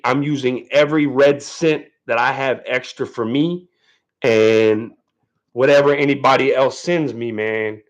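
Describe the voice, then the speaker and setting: A man hosting his first livestream in a casual, rambling way, full of fillers and a little nervous. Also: mid-range voice. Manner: laid-back, rambling, lots of fillers and "man". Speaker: livestream host.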